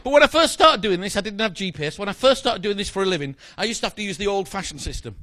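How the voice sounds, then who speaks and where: Fast-talking magician, dry sound. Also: male voice, high-pitched, lively intonation, sharp tone, no echo. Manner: playful, joking, chatty with a volunteer. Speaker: stage magician. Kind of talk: live comedy magic patter.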